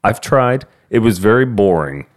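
A man's voice: on the low side, expressive, normal speed. A man with a Texan accent, co-hosting a podcast in a joking, chatty way. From Texas. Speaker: podcast co-host. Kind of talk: casual podcast chat.

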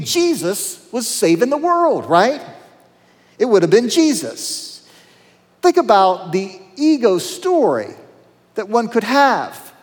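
A man's voice: sits high, darkish tone. A man, a pastor, preaching a sermon in a conversational, humorous way with dramatic quotes. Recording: reverberant church hall.

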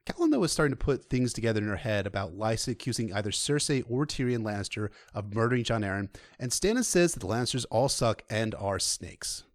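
A man's voice: on the low side, lively intonation, quick pace, hardly any pauses, dry recording, studio quality. A man co-hosting a podcast, summarizing a book in a casual, sarcastic and profane way. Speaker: podcast co-host.

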